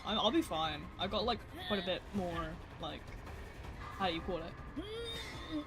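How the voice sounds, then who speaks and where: A streamer chats loosely over a live game session, rambling and poking fun at themself while answering the chat. The voice sits at a mid pitch, and faint game music plays underneath. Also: sing-song, measured pace. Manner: chatty, rambling, self-deprecating, talking to chat. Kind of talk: casual live gameplay commentary.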